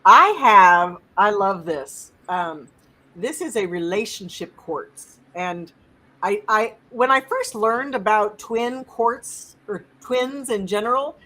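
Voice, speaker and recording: A woman's voice: mid-range voice, animated, slow, sharp tone. Enthusiastic woman rambling about crystals. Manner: enthusiastic, rambling, many restarts. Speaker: crystal expert guest. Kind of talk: live stream chat, explaining crystals.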